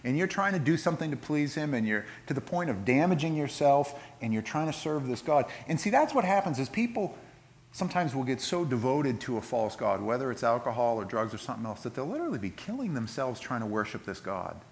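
A man preaching a sermon in a conversational way, retelling scripture with lively asides and frequent restarts. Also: medium pitch, a little fast. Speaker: pastor.

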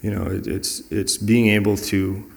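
Low gravelly guy, earnest and reflective, telling personal stories in a chat. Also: little pitch movement, unhurried. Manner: earnest and reflective, acting out quoted dialogue. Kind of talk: personal storytelling in a conversational talk.

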